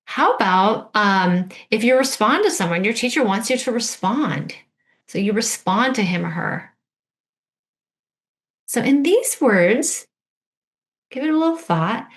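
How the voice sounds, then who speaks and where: A woman's voice: fairly high pitch, expressive, a little slow, long pauses. A woman teacher giving an instructional video lesson, patiently modeling words and prompting the listener to repeat.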